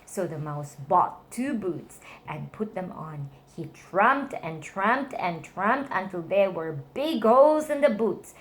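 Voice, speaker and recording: Animated woman reading mouse stories. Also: slow, few pauses. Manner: animated, voices characters in high squeals. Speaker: reading stories to her nephew. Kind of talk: bedtime storybook reading aloud.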